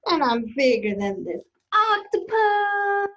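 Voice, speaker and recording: A woman voicing a boastful male giant squid in a children's storybook read-aloud, bragging in drawn-out proclamations. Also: very high voice, sing-song, fairly bright tone, muffled recording, a little hiss or hum, voice pushed up, heavily acted.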